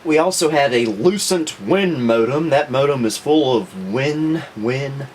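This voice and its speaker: A man hosting a casual retro computer review, talking in a relaxed, rambling way full of ums. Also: medium pitch, unhurried, background noise. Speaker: host. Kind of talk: casual tech review chat.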